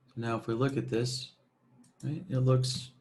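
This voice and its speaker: A man presenting a screen-recorded software tutorial, talking casually with many fillers and checking "right?" as he goes. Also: medium pitch, level tone, measured pace, a little hiss or hum.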